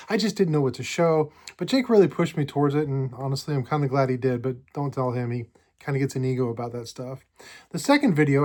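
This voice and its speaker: Chatty man with a higher voice. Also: darkish tone. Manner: chatty, halting, with many fillers and restarts. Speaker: card collecting YouTuber. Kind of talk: casual storytelling vlog.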